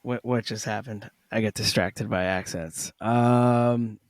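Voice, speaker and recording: A man's voice: fairly low pitch, fairly even intonation, slow, dry recording, clean studio sound. A man co-hosting a casual podcast game with a Boston accent who laughs often and drifts into funny voices. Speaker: podcast co-host.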